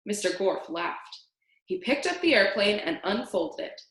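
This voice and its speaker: A woman reads a children's storybook aloud, with expression in every line. Her pitch rises and falls a lot. The recording sounds echoey. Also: measured pace. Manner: expressive, animated. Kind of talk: reading a children's book aloud. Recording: echoey room.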